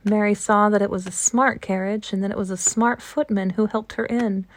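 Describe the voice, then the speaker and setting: A woman reads a classic storybook aloud in a calm, steady audiobook manner. Her voice sits at a middle pitch. The recording is dry and close, with no room sound. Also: dry recording. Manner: steady, even-paced reading. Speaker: storybook reader.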